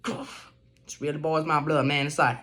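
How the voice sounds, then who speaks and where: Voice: mid-range voice, flat delivery, a little slow, bright, forceful tone. A performer voicing an irritated young guy who vents and rants in an amateur comedy sketch. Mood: exasperated. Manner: exasperated, ranting.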